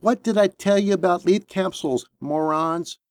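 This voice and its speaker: A man's voice: high-pitched, normal speed, dry recording, studio quality, voice pushed up, natural voice. A man voicing a sneering, hissing assassin. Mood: defiant. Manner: hissing, mocking. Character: sneering captured male assassin, defiant.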